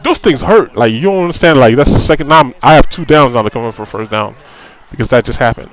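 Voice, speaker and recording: Ranting over gameplay in casual commentary, a frustrated gaming commentator speaks fast and expressively in a mid-range voice. He repeats himself and uses fillers like "you know." The recording is low quality.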